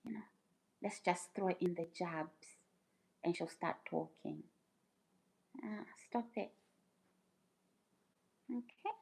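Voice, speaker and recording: Slow-talking woman livestreamer, emphatic. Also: on the low side, creaky, a little mellow, breathy edge, poor audio. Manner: emphatic, repeats phrases, rhetorical questions. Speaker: YouTuber livestream host. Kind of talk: casual livestream talk to chat.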